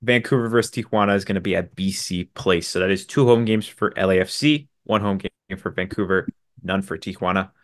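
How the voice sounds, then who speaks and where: A man co-hosting a sports podcast, briskly running through signings and stats with dry, sarcastic asides. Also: low voice, steady tone, no room sound. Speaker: podcast co-host. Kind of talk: casual sports podcast chat.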